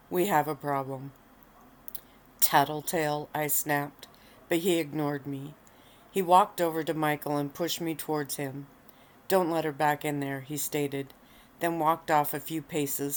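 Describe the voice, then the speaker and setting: A woman softly reading her own story aloud at home, relaxed and unhurried, lounging on pillows. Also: deep voice. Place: at home, lying on a bed of pillows.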